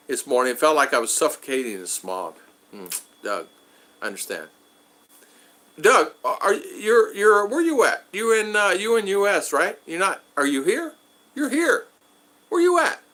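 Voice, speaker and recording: A man's voice: on the high side, bright, forceful tone. A man hosting a casual livestream, chatting loosely with viewers by name and often repeating himself as he rambles. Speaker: livestream host reading chat. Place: home in the Philippines.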